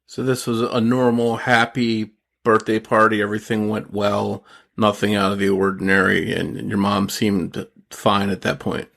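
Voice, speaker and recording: A man hosting a podcast, asking gentle, careful interview questions. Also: on the low side, little pitch movement, normal speed, gravelly. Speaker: podcast host.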